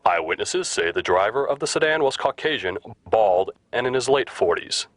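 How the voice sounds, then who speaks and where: A cartoon TV news anchor who reads the bulletin in a formal, even broadcast cadence. His voice is low and the sound is dry and close. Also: moderate pace, no echo. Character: stern male TV news anchor. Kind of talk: cartoon voice acting.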